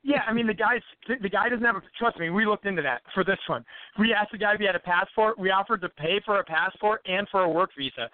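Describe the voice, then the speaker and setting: A man with a high voice rattles off a profane, rambling story at a quick clip. The sound is tinny and phone-like, with a dry, close room. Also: no room sound. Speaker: podcast guest, fighter. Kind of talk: casual storytelling.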